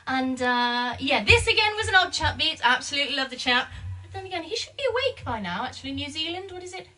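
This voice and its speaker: High-voiced woman chatting on a live stream. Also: very animated, quick pace, sharp tone, recorded from a distance. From England. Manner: chatty, reads out viewer comments and greets them by name. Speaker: singer hosting her own live stream. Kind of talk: casual chat to online viewers.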